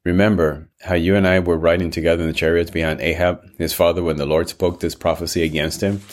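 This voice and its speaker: Blunt commanding soldier, deep, forceful, read by a man. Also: flat delivery, fast talker, natural voice. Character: bold commanding male army commander.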